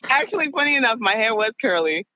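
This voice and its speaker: High-voiced woman on a tinny phone line. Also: fast talker, no echo. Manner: animated, acts out quoted dialogue. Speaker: guest, wardrobe stylist. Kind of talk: casual storytelling over the phone. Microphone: phone call.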